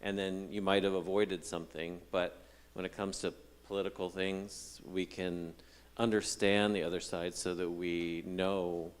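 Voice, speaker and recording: A man's voice: deep voice, clear, resonant tone, big-room sound. A man in a church congregation sharing his thoughts casually and loosely, with frequent fillers. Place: church hall.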